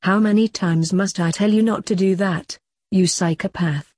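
A woman voicing a weary middle-aged male coroner who is secretly a reaper king, moaning in a put-upon way, with a husky voice. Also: medium pitch, steady tone, normal speed, a little mellow, no room sound, close to an everyday voice.

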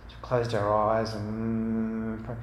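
Recorded in a roomy hall with faint ambience and a little hiss or hum, this man's expressive, medium-pitched voice moves a little slowly. His earnest church talk to parents relies on storytelling and long, repetitive lists of examples.

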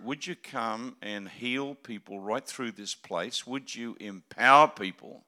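Gravelly older Australian preacher. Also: male voice, slow pace, hardly any pauses. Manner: jokey, rambling preacher who swings from loud exclamations to low asides. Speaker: guest preacher. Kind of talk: sermon.

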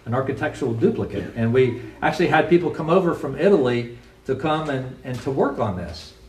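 A man's voice: medium pitch, animated, fairly quick, a little mellow, close to an everyday voice. A man quoting a bold older preacher who asks direct, probing questions. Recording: roomy echo from a distant mic.

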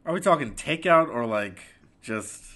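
Young podcast guy, chill, bright voice, explains himself a lot. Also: mid-range voice, lively intonation, moderate pace. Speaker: podcast co-host. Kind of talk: casual chat.

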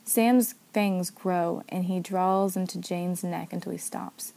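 A woman narrating a story aloud in a steady, even manner. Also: on the low side, slow, vocal fry. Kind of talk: story reading.

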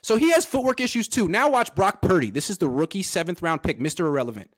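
A man's voice: high-pitched, expressive, quick pace. A man hosting a casual sports podcast, animatedly breaking down football film and chatting with his father. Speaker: podcast host.

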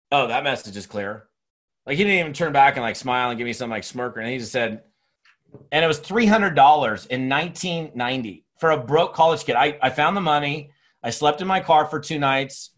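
A middle-aged man, a speaker and trainer, giving an energetic, rambling motivational talk with many restarts. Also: medium pitch. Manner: energetic, rambling, repeats himself.

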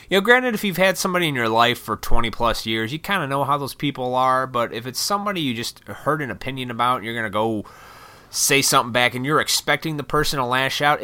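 A man's voice: mid-range voice, bright, forceful tone, clean tone. A man venting his opinions in a blunt, profane, rambling vlog rant. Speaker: vlogger.

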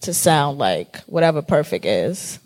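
A woman's voice: low-pitched, sing-song, measured pace, darkish tone. A woman podcast host talking candidly and emphatically in a casual panel discussion, swearing freely.

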